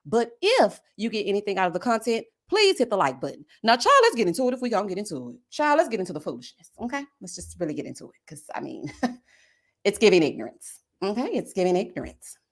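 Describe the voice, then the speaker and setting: A woman giving sassy, animated live-stream commentary on a reality show. She keeps calling her viewers honey and child. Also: medium pitch, fast, hardly any pauses. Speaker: YouTube reality-show reviewer.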